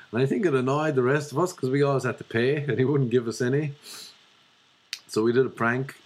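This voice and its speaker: A young man with an Irish accent gives a profane, ranting comedic monologue as a vlogger. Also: mid-range voice. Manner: profane, ranting, animated storyteller.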